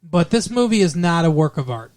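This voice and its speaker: A man's voice: on the high side, very animated, a little fast, darkish tone. Rambling, jokey male podcast co-host. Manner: rambling, jokey, breaks into mock impressions. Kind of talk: casual movie review chat.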